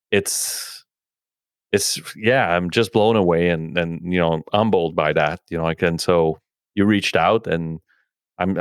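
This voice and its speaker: A man's voice: deep voice, smooth, no room sound. A man hosting a podcast in casual conversation, rambling with constant filler words and swearing freely. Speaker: podcast host.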